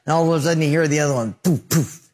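A man preaches in a somewhat high voice. He is an earnest pastor who carries his radio sermon through vivid stories. He leans on repetition to drive home each point. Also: rapid-fire, a little mellow. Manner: earnest, storytelling, emphatic repetition.

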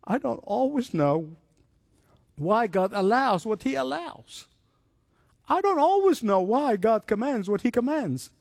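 A man preaching a sermon, telling stories with lively acted-out voices. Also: very high voice, a little slow, vocal fry, dry recording, clean studio sound. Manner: animated storytelling, acts out voices.

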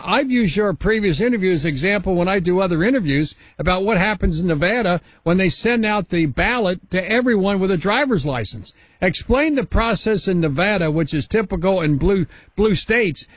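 A talk radio host with a fairly high voice rambles through halting questions. He sounds close and dry, in a dead studio. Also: breathy edge, no echo.

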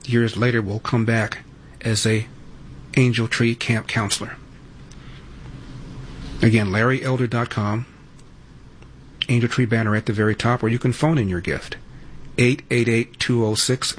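A man's voice: fairly low pitch, slight background noise. A man hosting a radio talk show, reading appeals and phone numbers, and pressing callers with emphatic questions. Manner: emphatic, rising to exasperated lecturing at callers. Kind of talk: talk radio monologue and ad read.

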